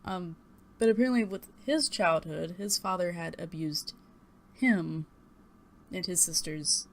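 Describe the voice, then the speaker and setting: Rambling young woman, low voice. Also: measured pace. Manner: rambling and hesitant, blunt with swearing. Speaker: vlogger. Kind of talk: personal storytelling to webcam. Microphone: desktop USB mic and webcam.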